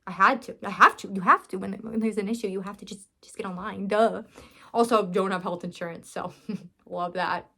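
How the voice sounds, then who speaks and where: A woman's voice: mid-range voice, brisk, bright, forceful tone, slightly rough. A young woman vlogger talking earnestly and emotionally to her viewers, rambling with restarts. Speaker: vlogger and business owner. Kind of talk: casual heartfelt talk to camera.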